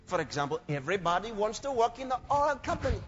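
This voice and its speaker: A man preaching a sermon in an animated way, breaking into shouts and laughter. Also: high-pitched, fast talker. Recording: dull lo-fi sermon recording with faint music.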